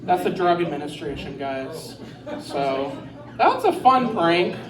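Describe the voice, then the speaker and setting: A woman's voice: lowish voice, big pitch swings, takes it slowly. A woman doing a stand-up set in a bar, rambling and crude, mocking herself on a handheld mic. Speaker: stand-up comedian. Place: bar with a live audience. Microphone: handheld stage mic. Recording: roomy bar, distant mic, crowd laughter.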